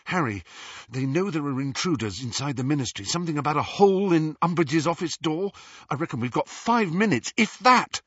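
A man voicing a young wizard who gives hurried, clipped warnings. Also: a little high, expressive, breathy edge, no echo, distant mic, highs cut off, voice pushed up. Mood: tense. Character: young male wizard friend, tense and hurried.

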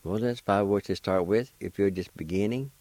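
A man's voice: lowish voice, normal speed, no room sound, rough recording. A man from Oklahoma hosting a radio language lesson, spelling and pronouncing words patiently and encouraging his listeners. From Oklahoma, United States. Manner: patient, encouraging, gently joking. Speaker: radio host teaching language. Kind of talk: slow spelling and pronunciation lesson.

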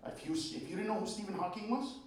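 A middle-aged man doing a stand-up routine on stage, ranting profanely and often shouting. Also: sits high, animated, fast. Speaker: stand-up comedian. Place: stage before a live audience. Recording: echoey venue, distant mic, crowd laughter. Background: audience laughter and room noise.

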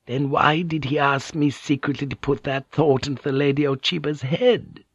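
A man reading a shrewd older court lady who speaks softly, confiding and probing. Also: mid-range voice, normal speed, slightly rough, no room sound, highs cut off, pitched above the performer's own voice. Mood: hushed.

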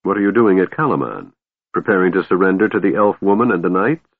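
Verbitterter, drohender Kriegsherr, von einem Mann gelesen, lebhafte Betonung, enger telefonartiger Klang. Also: male voice, low voice, lively intonation, quick pace, husky, no echo, full character voice. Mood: bitter. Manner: scowling, bitter, snorting. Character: bitter, menacing male warlord, quick to anger. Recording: narrow phone-like sound, dry.

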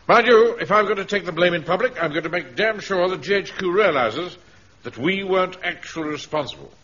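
An actor playing a pompous, officious middle-aged captain in a radio comedy. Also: male voice, high voice, brisk, fairly bright tone, husky. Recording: dull archive radio recording.

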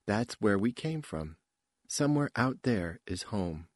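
A man reading an audiobook, voicing a confident young woman spacefarer in a brisk, lifted voice. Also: on the low side, big pitch swings, darkish tone, no echo, studio quality.

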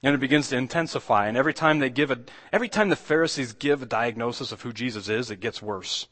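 A man's voice: mid-range voice, fast talker, a bit bright, big-room sound. A man preaching a sermon as pastor, talking in a loose conversational way with many restarts and acting out the quoted lines.

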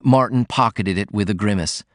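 A man narrating an audiobook in a measured, steady reading voice. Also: on the low side, no echo, studio quality.

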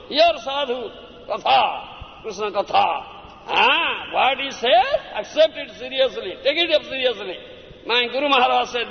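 A man delivers a devotional sermon, urging his listeners and pausing to ask if they understand. His voice is high and gravelly, swinging widely in pitch. The old lo-fi recording carries a long hall echo. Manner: exhorting, keeps checking listeners with "Huh? Understand?". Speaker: spiritual teacher.

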